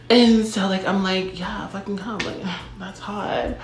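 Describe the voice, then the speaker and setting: A woman's voice: mid-range voice, fairly even intonation, measured pace, few pauses. A young woman telling a casual storytime monologue, chatty and full of filler words and dramatic asides. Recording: roomy echo.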